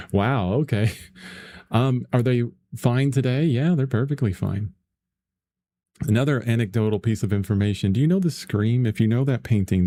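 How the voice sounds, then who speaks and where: Laid-back guy talking through a painting lesson, low mellow voice, chatty, rambles and laughs a lot. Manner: rambling and chatty, laughs often, lots of fillers. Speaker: painting instructor. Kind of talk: casual livestream painting lesson, chatting with viewers.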